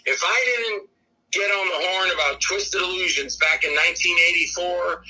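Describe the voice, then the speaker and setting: Husky, bright-voiced man rambling on. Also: a little high, rough recording. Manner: rambling, acts out quoted voices. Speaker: guest filmmaker and actor. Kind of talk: animated casual interview talk.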